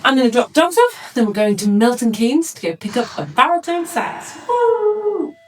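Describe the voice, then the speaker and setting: A woman, a professional saxophonist, chatting excitedly in a casual vlog. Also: sits high, normal speed. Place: in a car and out and about.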